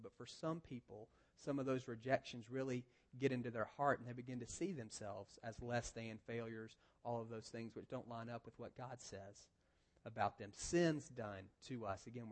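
A man preaching a sermon in a conversational way, restarting phrases and moving between quiet, low asides and louder, emphatic points. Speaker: pastor.

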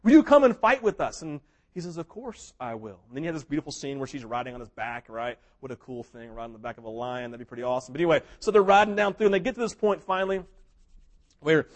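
A man preaching a sermon, telling a story with big swings between loud, excited passages and hushed ones, sometimes acting out what characters say. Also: fairly high pitch. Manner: mimics characters in quoted asides. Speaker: pastor.

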